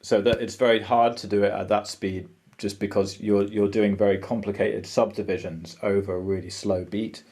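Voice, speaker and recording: A man's voice: lowish voice, steady tone, normal speed, darkish tone. A man guitarist explaining rhythms, singing the syllables aloud with many ums and restarts. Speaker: guitarist and music teacher.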